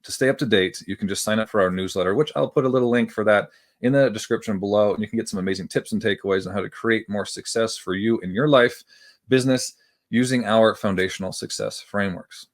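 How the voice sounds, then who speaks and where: Man, podcast host, low-ish voice, upbeat, enthusiastic, chatty interview. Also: quick pace. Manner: upbeat and enthusiastic, with a self-mocking aside.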